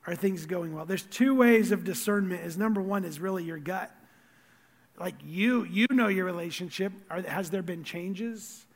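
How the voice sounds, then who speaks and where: A man preaching a sermon as pastor, earnest, repeating words and swinging from loud stress to quiet asides. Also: high voice, normal speed, big-room sound.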